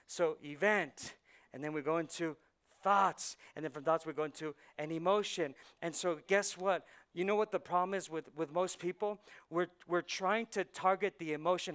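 Male pastor, high and bright voice, chatty preaching that jumps from quiet asides to loud punchlines. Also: brisk, clean tone. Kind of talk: sermon. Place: church sanctuary.

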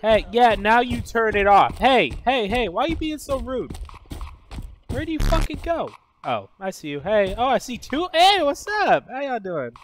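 A man trash-talking other players in game voice chat, loud and profane, yelling taunts. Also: very high-pitched, sing-song, normal speed, a little hiss or hum. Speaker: gamer streamer.

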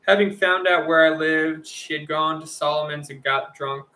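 A man reads a first-person novel aloud in a bright, fairly high voice. His delivery stays level and measured, with little rise and fall in pitch. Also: steady tone. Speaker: audiobook reader.

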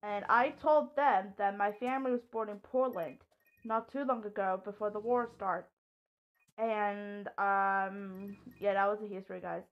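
A woman vlogger commenting on a mobile game and telling a personal story, hesitant with many ums and sudden excited outbursts. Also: mid-range voice, unhurried, dull audio. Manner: hesitant, lots of ums and restarts; excitable outbursts during play. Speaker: gaming vlogger.

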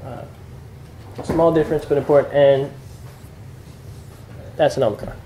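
A young man casually teaching letters to a small group, relaxed and chatty. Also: on the high side, unhurried, slight background noise, low-quality recording. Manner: relaxed, chatty, with fillers and laughs.

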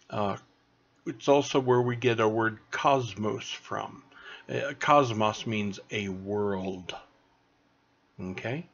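A man speaks in an unhurried, patient tutoring voice, stopping to check understanding with a quick "okay?" after each point. His voice sits a little low and slightly husky, and the recording sounds dull and lo-fi. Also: a bit bright. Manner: slow, patient teaching with frequent "okay?" checks. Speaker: Greek tutor. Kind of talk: recorded online lesson.

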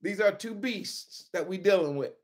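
A woman's voice: mid-range voice, moderate pace, darkish tone. A woman teaching from the Bible in an informal sermon style, emphatic, repeating key words and calling on listeners by name.

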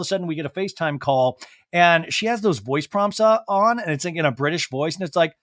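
High-voiced man doing a comic recap. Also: a little fast, no echo, clean studio sound. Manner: animated, jumps into campy impressions of the cast. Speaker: podcast host. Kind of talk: comedic TV recap.

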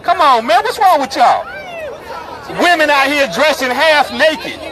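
A man preaching in the open air on a city street, forceful and repetitive, calling out the people passing by. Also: very high-pitched, lively intonation, unhurried, low-quality recording. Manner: forceful and repetitive, calls out passersby. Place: busy city street outdoors. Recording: street crowd and traffic noise. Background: crowd chatter and passing vehicles.

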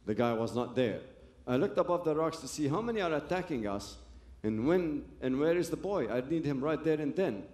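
In an echoey room, a man with a medium-pitched, slightly mellow voice gives a personal testimony to an audience. He recounts his story with sincerity, though his phrases break off and he keeps starting over.

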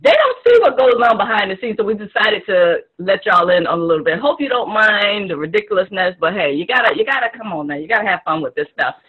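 A woman with a squeaky voice, co-hosting and introducing a casual show in a rambling, laughing way. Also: big pitch swings, fast talker, few pauses, husky, muffled recording. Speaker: co-host.

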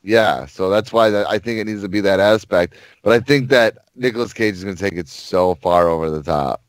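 A man's voice: lowish voice, a little fast, no room sound. A young man co-hosting a podcast in casual banter, laid-back and swearing easily. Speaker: podcast co-host.

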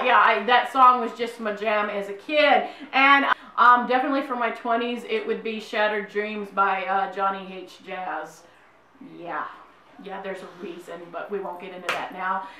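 Bright, high-voiced woman in an echoey room. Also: far from the mic. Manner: laughs a lot, swears freely, loud outbursts. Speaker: co-host of a horror review channel. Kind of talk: casual chat. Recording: echoey room, away from the mic, faint hiss.

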